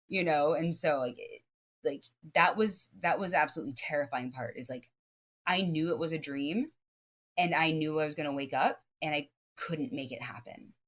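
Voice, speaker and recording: A woman guest on a podcast, telling stories in a lively, rambling way full of restarts and fillers. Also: low voice. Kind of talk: casual podcast chat.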